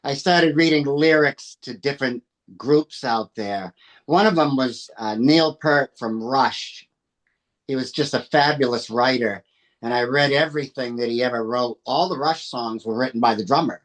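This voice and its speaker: A middle-aged man from New Hampshire, a singer-songwriter guest telling stories about his life in an unhurried way, with frequent "uh" fillers. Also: mid-range voice. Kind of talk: relaxed storytelling.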